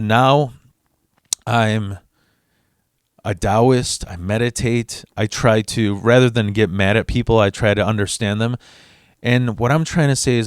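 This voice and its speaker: A man tells a personal story in a loose, rambling way, often stumbling over restarts. He swears freely in a middle-pitched voice. The recording is dry and close. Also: darkish tone, dry recording. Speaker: vlogger telling a personal story. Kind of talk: casual storytelling.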